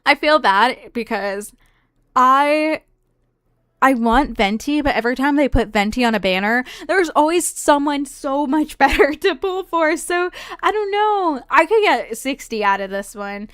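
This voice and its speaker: Young woman from the American South, streamer doing casual gameplay commentary; higher-pitched, smooth clear voice, dry close sound, chatty and rambling. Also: lively intonation, a little slow, a bit bright, dry recording. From Southern United States. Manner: chatty and rambling, often trailing off and restarting.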